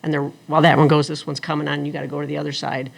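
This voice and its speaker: A middle-aged woman telling her story as an interview guest, animated and acting out the people she quotes. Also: deep voice, very fast, gravelly, slight background noise. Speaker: guest, attorney and former engineer.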